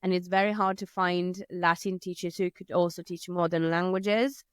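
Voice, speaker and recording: An Italian-accented woman talks in a relaxed interview, telling lively stories and acting out voices. Her voice sits a little low and sounds smooth and clear. The recording is dry and close. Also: normal speed, dry recording. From Italy. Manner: lively storyteller who acts out her children's voices. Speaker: interview guest, language teacher. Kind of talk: casual conversation.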